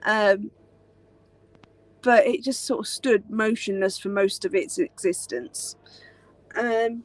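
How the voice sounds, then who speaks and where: A woman's voice: mid-range voice, fairly even intonation, slow, pauses often. A young British woman chatting casually on a live stream, rambling with many fillers. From Britain. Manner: rambling, many ums and likes. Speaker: live chat host.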